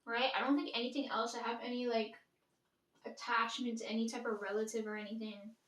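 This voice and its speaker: Chatty high-voiced young woman, roomy echo. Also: little pitch movement, brisk, a bit bright. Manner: rambling, chatty, swears casually, frequent "like". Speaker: vlogger. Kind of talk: casual daily vlog chat. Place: room at home. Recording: echoey room, mic at a distance.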